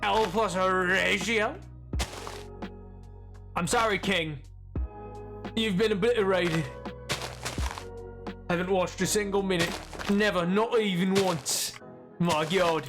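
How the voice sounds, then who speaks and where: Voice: medium pitch, a little slow, long pauses. A streamer from Britain chatting casually on a live stream, rambling and playful, often breaking off mid-thought. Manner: rambling, playful, self-interrupting. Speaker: game streamer. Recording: stream audio with music underneath. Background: background music from the stream.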